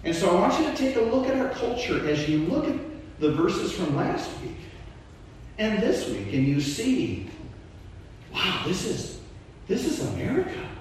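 Male pastor preaching with a lively, swinging delivery in a reverberant church, mic set a little far off. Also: high-pitched, a little slow, slight background noise. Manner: animated preaching, voice rising and dropping. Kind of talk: sermon.

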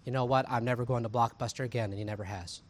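A man, preaching a sermon in a conversational, animated way, full of asides and rhetorical questions. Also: medium pitch, rapid-fire. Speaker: pastor.

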